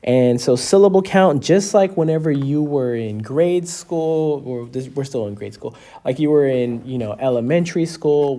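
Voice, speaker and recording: A man's voice: medium pitch, background noise. A man in his thirties teaching a class, patiently explaining and often checking in with "okay?" or "right?". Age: 30s. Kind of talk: classroom lecture.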